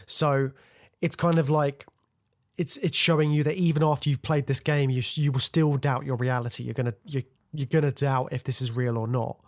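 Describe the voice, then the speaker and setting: A man's voice: mid-range voice, steady tone, normal speed, darkish tone. A man co-hosting a film podcast, talking casually and rambling with lots of fillers. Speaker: podcast co-host.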